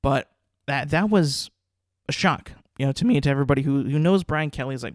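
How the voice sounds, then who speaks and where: A man's voice: medium pitch, fairly quick, no room sound, clean studio sound. A young man hosting a podcast, ranting casually about sports, rambling and repeating words as he restarts sentences. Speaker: podcast host.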